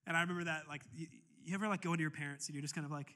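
A young man preaching in church with a very bright, forward voice that sits a little high. He tells his story casually, stumbling and restarting often, then rises to fervent, shouted exhortation. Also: steady tone, racing. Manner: conversational storytelling with many restarts, building to impassioned shouting. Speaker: pastor. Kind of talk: sermon with personal story. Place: church sanctuary.

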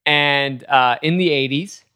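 A man's voice: a little high, takes it slowly, bright, forceful tone, smooth. A man in casual chat, eager and repetitive, restarting phrases often. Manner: eager, repeats himself, laughs easily.

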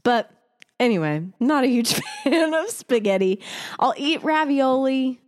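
Giggly young woman co-hosting, lively voice. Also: high-pitched, a little slow, no room sound, clean studio sound. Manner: giggly, laughs often. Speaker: podcast co-host. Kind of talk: casual chat.

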